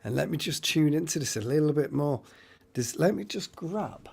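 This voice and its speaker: A man's voice: fairly high pitch, animated, moderate pace, gravelly, darkish tone, husky. A man hosting a live stream, giving rambling psychic readings and addressing viewers by name.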